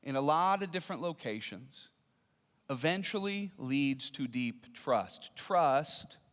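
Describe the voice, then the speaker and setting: A man's voice: medium pitch, animated, slow pace, a bit bright. A man in his forties preaching a sermon, telling a family story with acted-out dialogue. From American Midwest. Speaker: pastor. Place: church auditorium. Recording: long reverb of a large hall.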